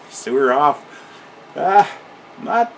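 A man's voice: fairly high pitch, very animated, very slow, creaky, background noise. An older man telling a casual, rambling story, often chuckling and ending his sentences with a questioning "eh?".

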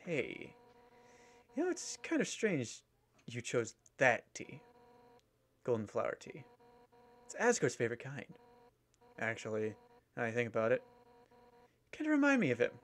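A man's voice: mid-range voice, huge pitch swings, normal speed, long pauses. A man voicing a brash fish warrior woman. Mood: wistful. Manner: loud, boastful, blunt. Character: brash fierce female fish warrior captain. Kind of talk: reading game dialogue aloud.

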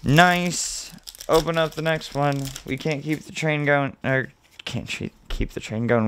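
A man hosting his own video, calmly listing card names as he opens packs and getting excited at the good pulls, with the odd swear word. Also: fairly high pitch, measured pace, a little hiss or hum. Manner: relaxed, mildly profane. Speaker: host. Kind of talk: casual card-opening commentary.

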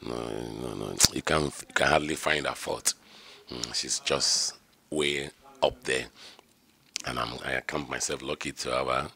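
A man's voice: very deep voice, steady tone, unhurried, gravelly, sharp tone, breathy edge. A middle-aged man, the groom, speaking heartfelt and rambling about his bride in a wedding interview. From Nigeria. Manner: heartfelt, rambling with repeated "you know".

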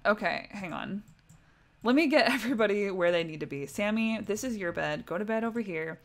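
A young woman hosts a relaxed livestream and chats through her life-sim game as she plays. She talks to her characters as if they could hear her, in a casual, unscripted way. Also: medium pitch, normal speed. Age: young adult. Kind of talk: casual gameplay commentary.

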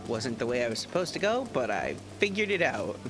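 A man's voice: mid-range voice, noisy background. A man streaming a game, joking, swearing and laughing often in casual commentary. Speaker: gaming streamer.

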